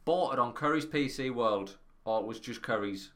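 A man, co-hosting a podcast and telling an animated, sweary anecdote in casual chat. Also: mid-range voice, normal speed. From Northern England. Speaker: podcast co-host.

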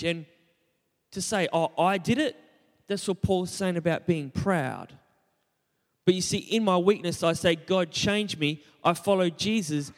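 A young man, a pastor, preaches a conversational sermon full of self-deprecating humor and questions aimed at the congregation. His voice is high-pitched, followed by a long reverb tail.

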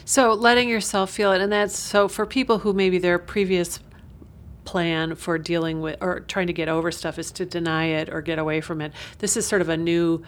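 A woman host with a somewhat low voice, talking casually. She is friendly and reflective and often murmurs agreement while others speak. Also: fairly even intonation, normal speed. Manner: friendly, reflective, chatty with frequent backchannels. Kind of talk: casual chat.

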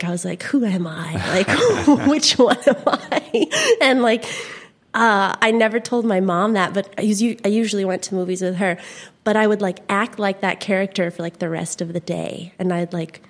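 A woman's voice: medium pitch, fairly even intonation, normal speed. Young woman guest, chatty and giggly, loose rambling delivery. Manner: giggly, rambling, full of fillers. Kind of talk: casual conversation.

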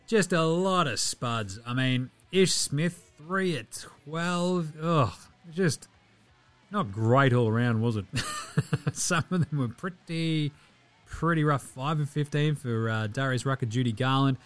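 An Australian man hosting a casual sports podcast, joking, swearing and jumping into bursts of excitement. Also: mid-range voice, takes it slowly. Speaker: podcast host.

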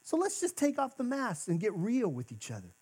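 Guy preaching in church, chatty and earnest, kinda higher voice, gets quiet then punchy. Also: wildly swooping pitch, fairly quick, slightly rough. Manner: conversational preaching, swinging from emphatic to hushed. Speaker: pastor. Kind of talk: sermon. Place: church sanctuary.

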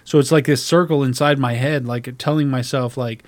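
A man's voice: medium pitch, fairly even intonation, normal speed, no echo. A man in a casual podcast chat, rambling and self-deprecating about his own plans and swearing often. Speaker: podcast co-host.

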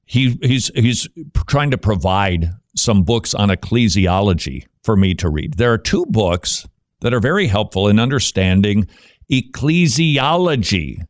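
A man hosting a radio talk show, joking and animated, who turns preacherly when he teaches. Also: on the low side, a little slow, dry recording, clean studio sound. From Dutch heritage.

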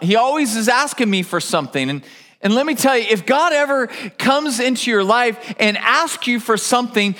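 High-voiced male pastor preaching. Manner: animated storytelling with restarts. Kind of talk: sermon.

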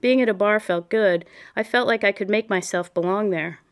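Fields: Voice: smooth woman narrator. Style: memoir audiobook. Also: mid-range voice, moderate pace.

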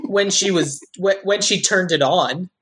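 A woman's voice: fairly low pitch, measured pace, slightly rough. A woman co-hosting a podcast, chatting loosely about a movie with lots of "like" and restarts. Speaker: podcast co-host. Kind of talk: casual chat about a movie.

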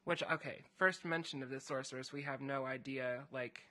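Bright-voiced man retelling a story. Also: medium pitch, steady tone, moderate pace. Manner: rambling storyteller, many fillers. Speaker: podcast co-host recapping a story. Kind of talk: casual chat.

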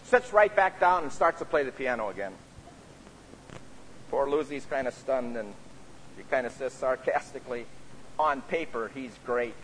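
A man's voice: mid-range voice, expressive, normal speed, pauses often, a bit bright, slight background noise. A man preaching a sermon as a pastor, speaking earnestly and often adding "you see" as he makes his points. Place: church sanctuary. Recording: reverberant church sanctuary.

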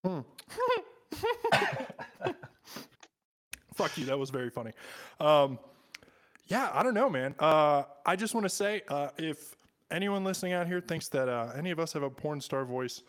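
A man's voice: fairly high pitch, expressive, normal speed, long pauses, clear, resonant tone. A young man co-hosting a casual podcast, joking crudely and laughing often. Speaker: podcast co-host.

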